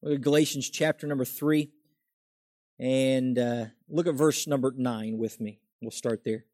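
A man preaching a sermon, reading scripture aloud slowly and then building to animated emphasis. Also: medium pitch, no echo, clean studio sound.

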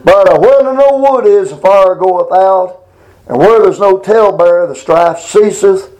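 A middle-aged man giving a casual Bible lesson, rambling through folksy stories and reading scripture slowly. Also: sits high, a little mellow, low-quality recording. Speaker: Bible teacher.

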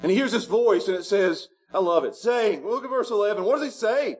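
A man preaching a sermon as pastor, animated and rising to shouts at the high points. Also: a little fast, soft background music.

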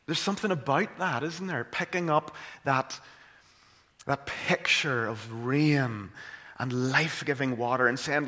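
A man's voice: mid-range voice, measured pace, pushed and bright. A man with a Northern Irish accent delivers a sermon in a mid-range voice. He speaks earnestly and rises to fervent emphasis on key points. A long reverb from the church hall trails behind his words. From Northern Ireland. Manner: earnest, builds to impassioned emphasis. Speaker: preacher.

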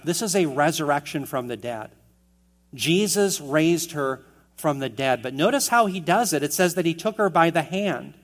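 A man preaching an expository sermon, earnest and emphatic, asking the listeners questions as he goes. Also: fairly high pitch. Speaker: pastor.

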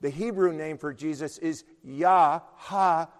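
A man preaching a sermon, explaining patiently and rising loud when he quotes scripture. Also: a little high, measured pace. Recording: long hall reverb.

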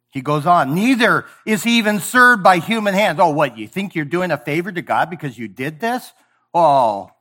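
High-voiced man preaching with force. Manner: emphatic, swings from booming to hushed; sarcastic mock praise. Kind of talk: sermon.

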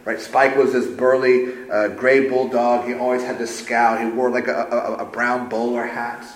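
A man's voice: mid-range voice, flat delivery, normal speed. A man preaching a sermon as a pastor, emphatic and conversational. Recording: roomy echo.

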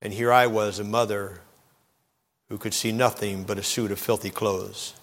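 A man preaching a sermon, telling a story dramatically and swinging between loud and hushed moments. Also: lowish voice, fairly even intonation, moderate pace, long reverb tail. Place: church.

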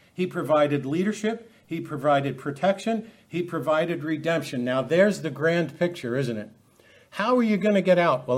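A middle-aged male preacher delivers a sermon in a slightly raised voice. He talks emphatically and keeps putting pointed questions to his listeners. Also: a little high. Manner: emphatic, many rhetorical questions.

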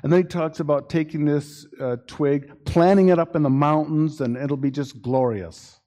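A man's voice: a little high, fairly even intonation, normal speed, warm tone. A male pastor preaching a sermon with an earnest, warning manner, often restarting his sentences. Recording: long hall reverb.

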